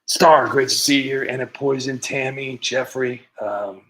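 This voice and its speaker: A man's voice: mid-range voice, steady tone, a little slow, a bit bright, rough recording. A man hosting a casual livestream, rambling and joking as he reads out viewers' names, laughing often and a bit tipsy. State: tipsy from wine. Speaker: livestream host.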